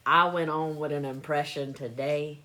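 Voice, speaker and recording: A woman's voice: deep voice, fairly even intonation, moderate pace, bright, forceful tone. A woman hosting a live stream, chatting casually and joking with frequent laughter, recorded on a phone. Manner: joking, laughs often, playful teasing. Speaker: livestream host. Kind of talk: casual chat.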